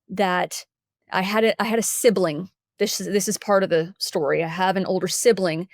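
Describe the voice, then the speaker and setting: A woman's voice: lowish voice, no echo, studio quality. Candid woman from Texas telling her story. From Dallas, Texas. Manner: candid, animated, acts out the quotes. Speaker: guest. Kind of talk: personal storytelling.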